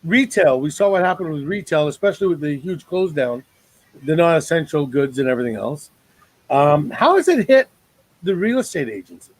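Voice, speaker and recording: A man's voice: on the high side, big pitch swings, brisk, no echo, poor audio. A man hosting a casual online talk show over a video call, joking and rambling with lots of fillers.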